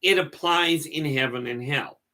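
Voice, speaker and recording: A middle-aged man talks to his livestream viewers in a loose, folksy, storytelling way. His voice has a bright, forward edge, and he often repeats a word or two before finishing his thought. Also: a little high, measured pace. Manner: folksy, digressive, repeats words while talking. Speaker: livestream host. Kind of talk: rambling casual storytelling.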